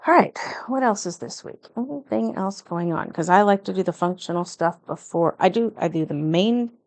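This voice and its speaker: Chatty middle-aged lady planner vlogger, keeps correcting herself, bit of vocal fry. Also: lowish voice, lively intonation, moderate pace, darkish tone, no echo. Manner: chatty, self-correcting, a little nervous. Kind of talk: casual plan-with-me narration.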